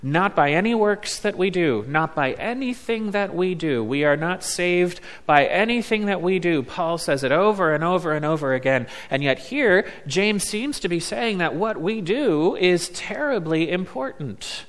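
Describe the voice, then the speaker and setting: A man preaching a sermon as a pastor, slow and deliberate, leaning on words with emphatic pauses. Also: high voice, expressive, a bit bright. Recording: long reverb of a large hall.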